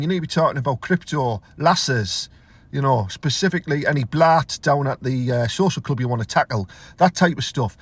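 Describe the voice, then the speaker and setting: A young man with a Teesside accent delivering a crude, swearing comic rant to camera, his voice jumping high when he gets outraged. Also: moderate pace, slightly rough. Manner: crude, ranting, swears freely, big pitch jumps when outraged. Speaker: comedian.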